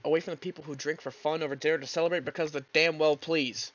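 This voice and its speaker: Man reading a somber young detective partner, soft-spoken. Bright voice, dull mic. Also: fairly high pitch, steady tone, fast, natural voice.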